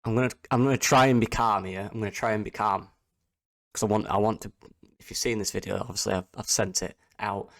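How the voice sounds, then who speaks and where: A man's voice: on the low side, fairly even intonation, fast talker. A man, a football fan vlogging an angry post-match reaction, repeating himself in exasperation.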